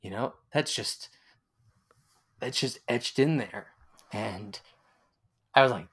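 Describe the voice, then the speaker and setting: A man's voice: mid-range voice, slow pace, pauses often, fairly bright tone, breathy edge. A man in his forties with a Long Island accent, rambling as he tells nostalgic stories in a casual interview. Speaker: interviewee, former college radio announcer.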